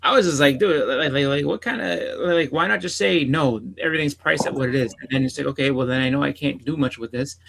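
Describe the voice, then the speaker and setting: A man's voice: fairly high pitch, quick pace, gravelly, hardly any pauses, fairly bright tone, a little hiss or hum, rough recording. A man on a casual podcast telling a long rambling story, repeating "I was like" and swearing freely. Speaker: podcast co-host.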